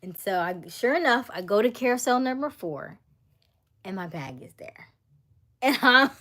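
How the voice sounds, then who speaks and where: A woman hosting a livestream, telling a story in a casual, animated way with frequent laughter. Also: a little high, normal speed, pauses often. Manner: animated, laughing, acts out voices. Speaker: livestream host.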